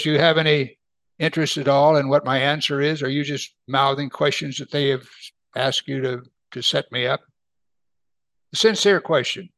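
A man teaching verse by verse from the Bible, reading passages slowly and then explaining them with emphasis. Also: mid-range voice, a bit bright, no echo. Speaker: preacher.

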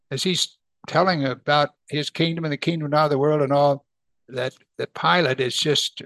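A man's voice: a little high, bright, forceful tone, no echo. Emphatic man teaching from scripture. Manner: reads scripture slowly, then explains it plainly with emphasis. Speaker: preacher. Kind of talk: verse-by-verse Bible teaching.

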